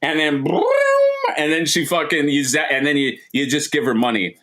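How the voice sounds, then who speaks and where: A man's voice: fairly high pitch, normal speed, fairly bright tone. A man co-hosting a casual livestream chat, rambling and joking with lots of restarts and fillers. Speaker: co-host.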